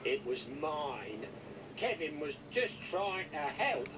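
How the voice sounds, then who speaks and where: Gruff crane, slow and grudging. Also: male voice, a little high, sing-song, background noise. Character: grumpy male dockside crane, gruff and proud. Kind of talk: animated series dialogue. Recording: distant clip with music behind.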